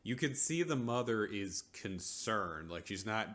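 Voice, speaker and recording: Reviewing a TV episode, this vlogger speaks on the low side, very animated and with a fairly bright tone. His loose, meandering rant is stuffed with filler, and he keeps slipping in quick, mocking quotes of the characters.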